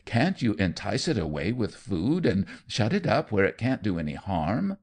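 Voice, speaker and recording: A man's voice: fairly low pitch, very animated, normal speed, a little mellow, slightly rough, heavily acted. A man voicing a hysterical young society lady who wails indignantly. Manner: wailing, indignant.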